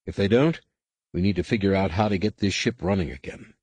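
A man's voice: sits low, brisk, darkish tone, breathy edge, no echo. A man voicing a stern, commanding teenage male Jedi who speaks in a firm, clipped way.

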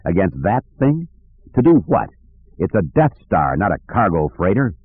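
A man voicing a gruff, skeptical male pilot with a sarcastic edge. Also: sits low, big pitch swings, normal speed, no echo, exaggerated voice. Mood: incredulous. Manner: sarcastic disbelief. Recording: dry tinny phone-like audio.

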